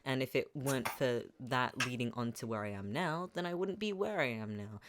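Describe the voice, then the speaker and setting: Streamer host rambling casually, lots of ums n likes, giggly, mid pitched voice. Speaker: livestream host. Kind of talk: casual chat.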